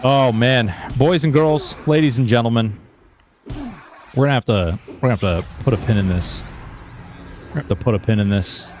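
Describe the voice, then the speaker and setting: A man's voice: on the low side, animated, moderate pace, pauses often, a little mellow, a little hiss or hum. A man streaming a game in casual chat, reading viewer messages aloud and talking freely with lots of fillers.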